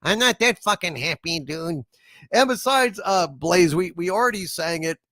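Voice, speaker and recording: A man hosting a live-streamed show, reading viewer super chats in a rambling, chuckling way with drawn-out fillers. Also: sits high, animated, sharp tone, no room sound, studio quality.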